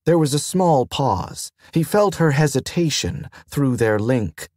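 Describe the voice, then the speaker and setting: In clean studio sound with no room echo, a man narrates an audiobook in a measured, expressive manner. His voice is medium in pitch.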